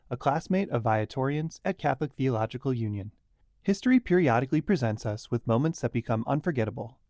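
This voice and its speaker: A man narrates a podcast from a prepared script. His pitch sits in the middle of the male range, and his delivery is measured. The mic is close and dry, with no room sound. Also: a little mellow, no echo. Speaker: podcast host.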